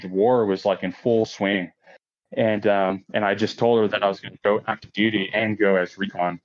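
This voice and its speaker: A man in his late thirties, a podcast guest, telling a story in a casual, profane way, laughing often and acting out quoted lines in a raised voice. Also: on the low side. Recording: dull lo-fi podcast audio.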